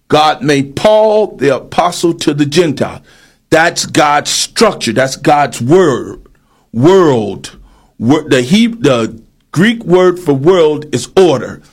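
A man with a high-pitched voice preaches with force and presses each point hard. He reads scripture aloud, then breaks it down for his listeners. His delivery swells to shouts when he drives a point home. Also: sing-song, takes it slowly. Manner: emphatic, rising to shouts on key points. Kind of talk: sermon.

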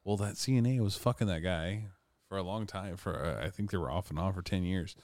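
A man's voice: low-pitched, brisk, a little mellow, no echo. A man co-hosting a casual podcast, telling a long rambling story full of swearing. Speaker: podcast co-host.

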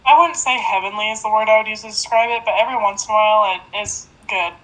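A woman's voice: mid-range voice, fast talker, pushed and bright, low-quality recording. A young woman co-hosting a casual podcast, laid-back with blunt opinions, laughing at herself. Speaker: podcast co-host. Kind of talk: casual chat.

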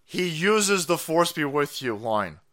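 A man hosts a live stream in a loud, profane rant, mocking as he goes and breaking into laughter. His voice sits a little high and swings widely up and down. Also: sing-song, takes it slowly. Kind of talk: ranting live-stream commentary.

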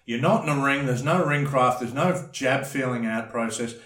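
A man's voice: medium pitch, normal speed, a bit bright. A man with an Australian accent telling rambling, blunt stories in a casual podcast chat, full of slang. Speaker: podcast guest, former bouncer. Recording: roomy echo.

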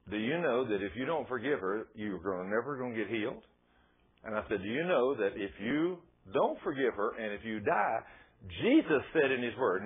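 Raspy preacher man on a tinny broadcast. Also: mid-range voice. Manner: storytelling, acting out dialogues. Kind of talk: sermon. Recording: tinny phone-like radio broadcast.

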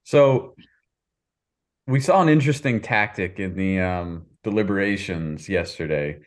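A man with a lowish voice co-hosting a casual podcast. He gives measured, analytical commentary. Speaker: podcast co-host.

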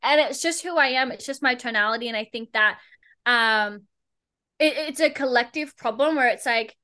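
Bright-voiced, blunt sarcastic woman. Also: on the high side, normal speed. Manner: blunt, sarcastic, swears freely. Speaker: podcast guest, entrepreneur. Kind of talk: casual podcast chat.

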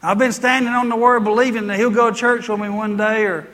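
A man's voice: high-pitched, level tone, brisk, fairly bright tone, big-room sound. A man putting on a glum, grumbling wife. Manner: grumbling, self-pitying. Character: gloomy complaining middle-aged wife.

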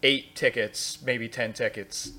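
A man's voice: medium pitch, steady tone, takes it slowly, a loud crowd. A man hosting a podcast, telling stories in a rambling, candid way. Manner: rambling, restarts, candid storytelling. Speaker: podcast host. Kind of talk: casual chat.

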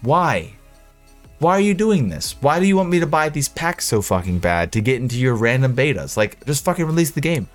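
A man's voice: medium pitch, sing-song, fairly quick, soft background music. A man co-hosting a casual gaming podcast, ranting with plenty of profanity. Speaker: podcast co-host.

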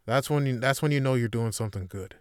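A man hosting a solo podcast, rambling through a profane comedic monologue that swings between loud bursts and low mutters. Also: fast, smooth, dry recording, clean studio sound. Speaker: podcast host.

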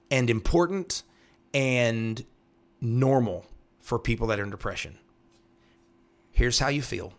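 A man speaking as a pastor, teaching from the Bible in an earnest way, repeating phrases and checking in with "right?". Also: medium pitch. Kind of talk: devotional Bible teaching talk.

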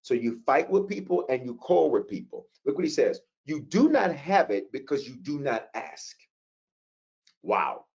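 A man teaching a prayer class in a preaching style, repeating key lines for emphasis and breaking into sudden high, fervent outbursts. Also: big pitch swings, normal speed, creaky, a little mellow, muffled recording. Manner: casual asides to the class.

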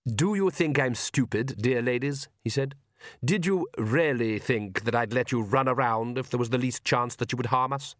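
A man reading an audiobook, voicing a suave, theatrical male vampire count who talks in a smooth, amused and condescending way. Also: medium pitch, moderate pace, dry recording, studio quality, natural voice. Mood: menacing.

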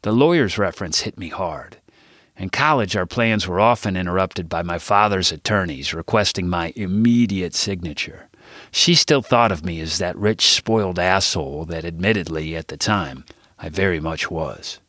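A man's voice: low-pitched, normal speed, a bit bright, dry recording. A man reading his own book aloud as an audiobook, telling the story in a candid, self-deprecating way. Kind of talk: audiobook narration.

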